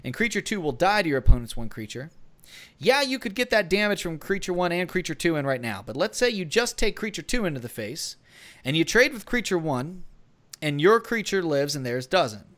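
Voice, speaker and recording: A man's voice: on the high side, big pitch swings, brisk, a bit bright. A man co-hosting a gaming podcast, giving casual strategy advice in a rambling way with many fillers and restarts. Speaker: podcast co-host.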